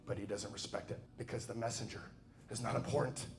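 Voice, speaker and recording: A man's voice: lowish voice, fairly even intonation, fast, music in the background. Emphatic man giving a preachy speech. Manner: emphatic, preachy, swings from quiet asides to loud exhortation. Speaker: motivational speaker. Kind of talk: motivational speech.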